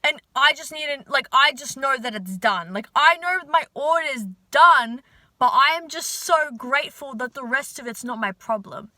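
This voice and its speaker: A woman's voice: on the high side, pushed and bright, dry recording. A young woman vlogger chatting casually to her viewers, full of fillers, casual swearing and hype. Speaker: manifestation vlogger.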